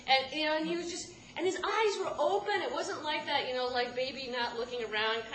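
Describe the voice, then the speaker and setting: High-voiced woman telling a story on stage, laughing thru it, echoey room w/ noise behind. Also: a little fast, few pauses. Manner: animated, self-interrupting, laughing through lines. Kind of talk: live personal storytelling.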